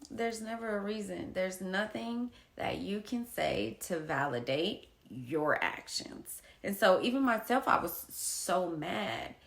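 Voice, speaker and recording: A young adult woman talking casually and from the heart to her viewers, slow and reflective, with soft whispered asides. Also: mid-range voice, animated. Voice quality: gravelly vocal fry. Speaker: poet and painter sharing her story. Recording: echoey room.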